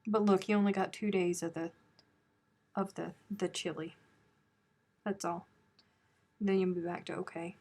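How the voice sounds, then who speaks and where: A woman's voice: on the low side, steady tone, unhurried, long pauses, darkish tone. Lady chatting on her crochet livestream, teasing and sarcastic, home mic. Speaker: crochet live stream host. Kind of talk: casual chat reading viewer comments.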